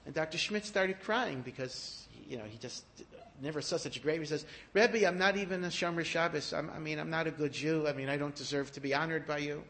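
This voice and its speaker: A man giving a sermon, telling stories in an animated way that rises to emphatic peaks. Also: on the high side, a little fast, few pauses, a little hiss or hum. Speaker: rabbi giving a talk. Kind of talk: storytelling sermon.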